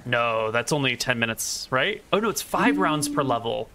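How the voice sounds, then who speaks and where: A man's voice: mid-range voice, animated, normal speed, a crowd in the background. A man narrating and running a tabletop role-playing game as game master, with wry asides.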